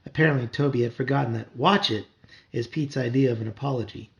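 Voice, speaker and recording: A man reading a children's novel aloud to his child at home, with wry, expressive storytelling. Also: mid-range voice, quick pace.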